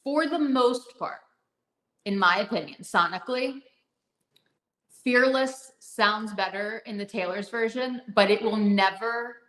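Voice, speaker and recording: A woman's voice: fairly high pitch, a little slow, fairly bright tone. Gushing woman in an echoey room. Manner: gushing, rambling with many fillers. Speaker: podcast co-host. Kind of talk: casual fan chat.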